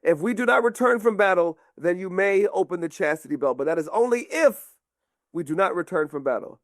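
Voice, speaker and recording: A comedian acting out a commanding medieval king in a told joke, with booming, theatrical proclamations. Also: animated, brisk, no room sound, studio quality. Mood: regal.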